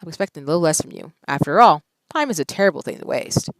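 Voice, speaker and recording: A woman reading the lines of a sly young nobleman in a visual novel, soft and measured. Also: sits low, animated, no room sound.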